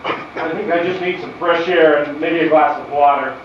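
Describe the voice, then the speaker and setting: A man's voice: a little high, fairly even intonation, normal speed, noisy background, natural voice. A man playing a bewildered, uneasy fiancé who keeps asking questions, in an amateur stage play. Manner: puzzled, asks lots of questions. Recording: distant muffled echoey stage recording.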